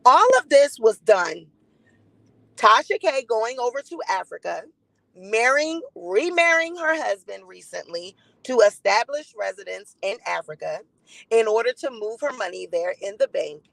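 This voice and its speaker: A woman's voice: a little high, big pitch swings, unhurried, creaky, fairly bright tone, no echo, poor audio. Blunt, defiant woman live-stream host. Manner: blunt, defiant, swears freely; greets chat viewers by name. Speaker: gossip commentary host.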